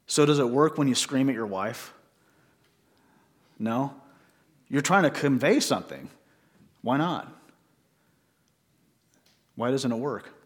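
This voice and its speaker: Guy preaching in church, chatty sermon, keeps asking the crowd questions, middle pitch. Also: animated, takes it slowly, long pauses. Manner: conversational preaching with rhetorical questions. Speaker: pastor.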